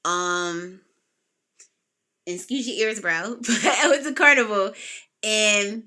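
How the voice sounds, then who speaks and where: A woman's voice: mid-range voice, takes it slowly, pauses often. A woman hosting a podcast, telling a personal story in casual chat. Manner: animated, emotional, quotes people in raised voices. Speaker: podcast host.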